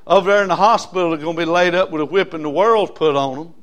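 Preacher calling for amens. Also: male voice, on the high side, fast. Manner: call-and-response preaching, asks the congregation for amens, swings from loud to soft. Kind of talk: sermon.

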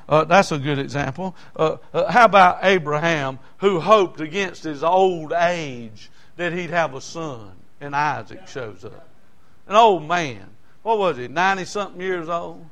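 A man, preaching a folksy, animated sermon. His voice sits high and sounds bright and forceful. He slips homespun asides in between the scripture stories. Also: measured pace. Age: 60s.

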